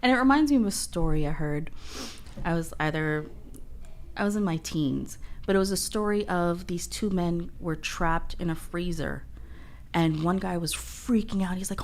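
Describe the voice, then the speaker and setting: A woman's voice: on the low side, normal speed, darkish tone. A young adult woman talking as a podcast guest, upbeat and chatty, often laughing. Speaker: agency coordinator, guest. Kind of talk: casual interview chat.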